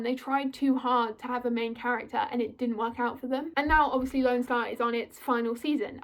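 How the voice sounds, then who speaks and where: A young British woman talking casually through a fandom video essay, chatty and full of apologetic asides. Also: a little high. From United Kingdom.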